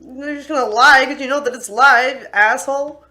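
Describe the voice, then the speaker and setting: A woman's voice: high-pitched, normal speed, pushed and bright. A young woman venting in anger on an unscripted livestream, swearing often and sometimes close to tears. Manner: angry, profane, venting.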